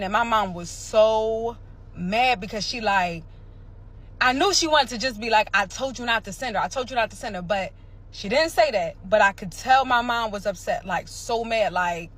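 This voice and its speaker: A woman from the area, telling a dramatic personal story in a casual, animated way. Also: medium pitch. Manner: animated, dramatic retelling with sound effects and quoted voices.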